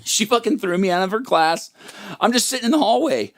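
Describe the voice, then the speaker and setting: A man tells a self-mocking story to his livestream viewers, swearing freely as he goes. His voice sits a little high and swings widely in pitch. The sound is dry and close, with no room echo. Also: lively intonation, a little fast. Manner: rambling, profane, self-mocking. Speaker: livestream host and musician. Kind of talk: casual comic storytelling.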